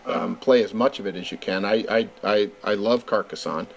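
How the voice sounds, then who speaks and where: A man's voice: on the low side, normal speed, gravelly. A middle-aged Californian man talks eagerly about making games, often repeating words as he starts his sentences. A faint hiss sits behind his voice. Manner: enthusiastic, with stammered repeats. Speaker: game designer guest. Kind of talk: casual interview chat.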